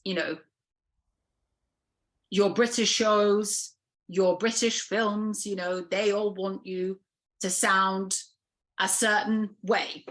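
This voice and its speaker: A Serbian-accented casting director, a woman with a mid-range, slightly bright voice, talks frankly in an interview conversation, full of fillers and restarts.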